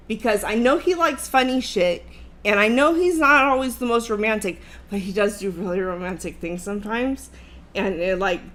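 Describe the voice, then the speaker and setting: A woman in her thirties hosting a livestream, telling a story in a casual, animated, profane way and laughing along the way. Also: mid-range voice. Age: 30s. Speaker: livestream host.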